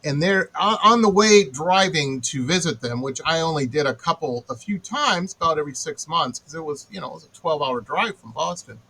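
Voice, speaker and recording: A man's voice: a little high, brisk, hardly any pauses, slightly rough, rough recording. A man from Detroit hosting a radio interview, telling stories with sarcastic exaggeration. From Metro Detroit. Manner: animated storyteller, sarcastic exaggeration. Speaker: radio show host. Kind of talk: casual interview chat.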